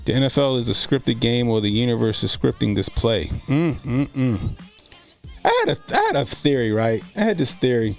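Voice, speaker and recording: A man's voice: mid-range voice, very animated, normal speed, vocal fry, soft background music. A man hosting a casual live stream, telling loose, profane, laughing stories and answering chat comments, speaking. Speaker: streamer host.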